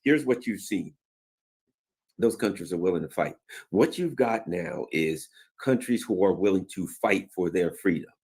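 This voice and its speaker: A man's voice: low voice, expressive, unhurried, a little mellow, breathy edge. A man giving casual political commentary, sarcastic and colloquial, who often acts out mocking voices. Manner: colloquial, many fillers and asides.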